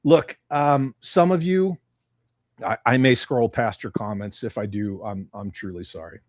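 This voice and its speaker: A man's voice: mid-range voice, a little slow, a little mellow, no room sound, studio quality. An American man hosting a casual livestream, reading chat comments and ranting bluntly with a lot of swearing. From United States. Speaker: livestream host.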